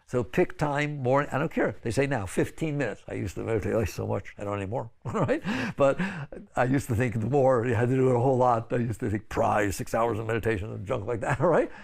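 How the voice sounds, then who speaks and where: A man's voice: quick pace, creaky. An older man giving a spiritual lecture in a conversational, pleading way, with frequent "right?" asides. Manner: sudden high exclaiming bursts when acting out others. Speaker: spiritual teacher.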